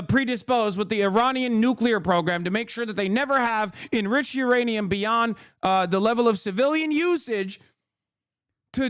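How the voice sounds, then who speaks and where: A man's voice: very high-pitched, no echo, clean studio sound. A man in his thirties giving heated, profane political commentary to his chat on a livestream. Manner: ranting, profane, emphatic. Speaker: political streamer.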